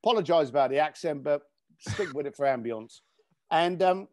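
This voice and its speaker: A man telling an emphatic story as a podcast guest, animated and casually swearing. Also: a little high, normal speed, dry recording, studio quality. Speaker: podcast guest, speaker and coach.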